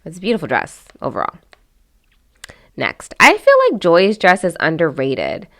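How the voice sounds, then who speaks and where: A woman's voice: fairly low pitch, very animated, normal speed, fairly bright tone. A woman hosting a casual commentary vlog, chatty and candid, with lots of fillers and restarts as she gives her opinions. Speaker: host.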